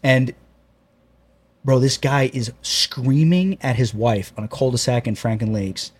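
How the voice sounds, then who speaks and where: A man's voice: mid-range voice, measured pace, husky. A man guest on a podcast, chatting casually and telling rambling stories full of filler words. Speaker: guest, plumbing contractor.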